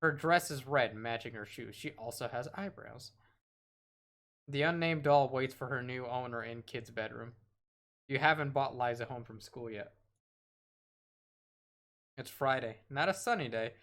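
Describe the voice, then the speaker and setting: A man with a mid-range, fairly bright voice streams a horror game, speaking a little slowly and pausing often. He reads the game's text aloud, adds wry asides, and sometimes trips over his words.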